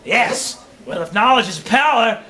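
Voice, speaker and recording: A man voicing a scheming, evil old space pope who makes menacing, booming proclamations. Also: lively intonation, a little slow, heavily acted, low-quality recording. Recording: home video, loud group in room. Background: group laughter.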